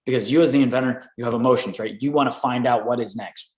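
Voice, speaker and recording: A man's voice: medium pitch, fast, echoey room, rough recording. A man coaching inventors on licensing deals in a live question-and-answer session, talking energetically and tagging "right?" onto his points. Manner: energetic, repeats "right?" often.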